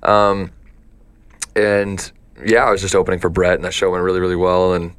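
A young man with a deep voice talks through his stories casually, stopping and restarting as he goes. He is a guest in an interview. The sound is dry and close, with no room in it. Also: flat delivery, moderate pace, a bit bright, clean tone, no room sound. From Canada. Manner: chatty storyteller with many fillers and restarts. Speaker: guest, country singer and doctor.

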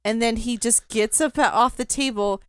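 A woman's voice: fairly high pitch, normal speed, a bit bright, smooth, no room sound, clean studio sound. A laughing woman retelling movie scenes. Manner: laughs easily, recounts scenes. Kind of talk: casual movie chat.

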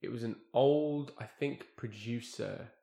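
A man's voice: mid-range voice, measured pace, creaky, warm tone. A man telling a story in casual chat, rambling and correcting himself as he goes. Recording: echoey room.

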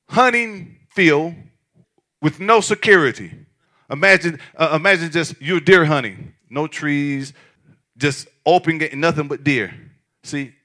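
A man preaching a sermon as pastor, lively and repetitive, with laughs and shouted emphasis. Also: a little high.

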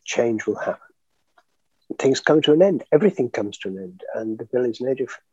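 An older man reminisces as an interview guest, chatty and animated, breaking into laughter as he tells his stories. His voice is husky. The audio is dry and a little dull, like a remote call. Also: mid-range voice, a little fast, dry recording. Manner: chatty, animated storyteller, laughs often, many fillers. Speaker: actor guest.

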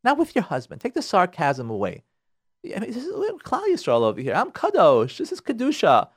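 A man giving marriage advice on a radio talk show, his fairly high voice leaping up and down as he stresses each point. He repeats himself for emphasis, and the sound is close and dry. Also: wildly swooping pitch, brisk, slightly rough, dry recording.

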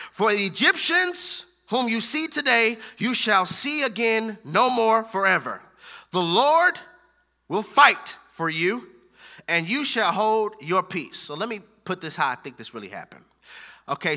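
High bright-voiced preacher man. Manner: animated preaching with acted-out voices and laughter. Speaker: pastor. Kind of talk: sermon.

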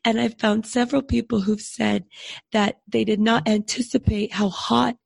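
A woman's voice: a little high, level tone, moderate pace, creaky, a little mellow, husky, dry recording. A woman podcast co-host chatting casually and self-deprecatingly while sick with a cold. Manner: chatty, self-deprecating, laughs through her words. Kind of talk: casual chat.

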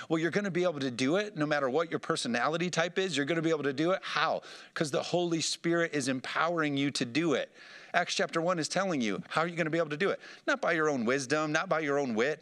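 A man preaching a sermon, animated and calling for responses from the congregation. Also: on the high side. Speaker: pastor.

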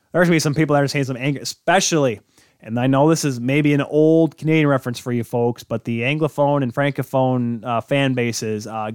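A man's voice: mid-range voice, no room sound, studio quality. A man hosting a sports podcast, talking casually on his own in a rambling, joking way and correcting himself as he goes. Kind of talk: casual solo sports talk.

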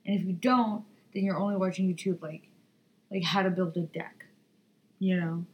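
A woman's voice: fairly low pitch, steady tone, moderate pace, dull audio, a little hiss or hum. A young woman hosting a podcast in casual chat, blunt and rambling, swearing freely. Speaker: podcast host.

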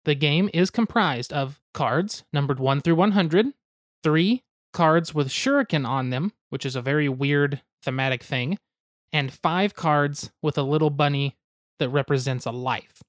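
A man's voice: a little high, a little slow, no echo, studio quality. A young man hosting a podcast, explaining a card game step by step with goofy asides and hedges. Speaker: podcast host explaining board games.

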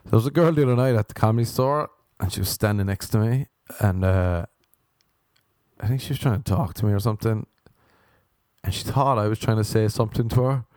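A man's voice: fairly low pitch, brisk, a little mellow, no echo, clean studio sound. A young man, hosting a podcast and rambling through comic stories about himself in a self-mocking way. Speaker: comedian podcast host. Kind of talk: casual comedic monologue.

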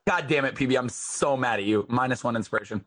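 A man's voice: mid-range voice, quick pace, fairly bright tone. A man chatting casually on a stream, joking and teasing the others. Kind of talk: casual chat.

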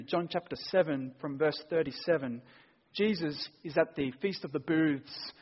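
A man's voice: fairly high pitch, slightly rough. A man preaching a sermon, reading scripture aloud and driving home points with emphatic bursts. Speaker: pastor. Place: church hall. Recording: dull sound in a long-echo church hall.

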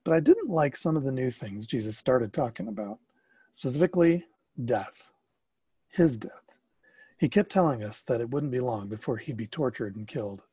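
Man, first-person storybook narration, expressive, dark mellow voice, a bit husky. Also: medium pitch, normal speed, no echo. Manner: expressive, rising to excited questions.

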